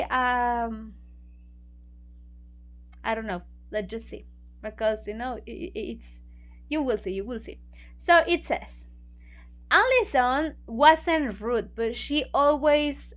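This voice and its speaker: High-voiced, slow-talking woman teacher. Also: fairly bright tone. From Mexico. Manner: conversational, many fillers, explains words in Spanish. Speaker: book club teacher. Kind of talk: retelling a story for English learners.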